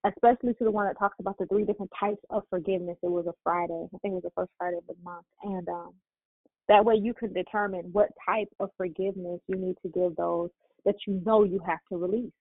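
A woman's voice: lowish voice, fairly even intonation, quick pace, no room sound. A woman hosting a prayer call, preaching with fervent encouragement. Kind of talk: preaching and exhortation. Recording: dry, tinny phone line.

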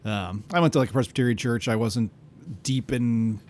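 A man co-hosting a podcast in casual chat, teasing with quick joking interjections. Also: medium pitch, steady tone, a little mellow, a little hiss or hum. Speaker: podcast co-host.

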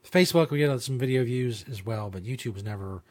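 This host of his own talk show talks fairly quickly in a mid-range voice. His casual podcast monologue rambles along, peppered with swearing, filler words and false starts.

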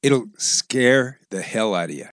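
A man's voice: medium pitch, animated, a little slow, a bit bright, dry recording, studio quality. A man hosting a radio show, delivering an opinionated, sarcastic monologue full of wisecracks.

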